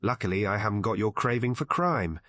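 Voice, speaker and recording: A man voicing a spirited young Englishwoman in an audiobook, pitching his husky voice up into an eager, excited register. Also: brisk, no room sound. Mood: playful. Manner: raised excited voice.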